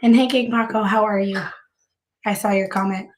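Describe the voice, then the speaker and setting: Chatting loosely to viewers on her live stream, a woman sounds hoarse from bronchitis, with heavy fry and a meandering style that keeps circling back to restart. She holds a medium pitch, a steady tone, and a moderate pace.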